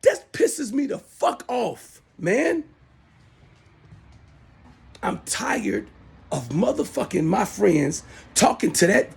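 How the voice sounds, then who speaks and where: A very high, gravelly, slightly rough male voice belongs to a middle-aged man hosting his own show. He delivers a furious, repetitive, profanity-filled rant to camera on his smartphone.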